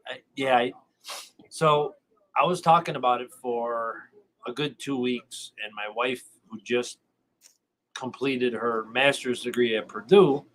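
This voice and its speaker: A man, a guest on a talk stream, telling a long rambling anecdote in a casual, animated way. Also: mid-range voice, measured pace, a little hiss or hum, poor audio. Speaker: guest fan. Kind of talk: casual storytelling.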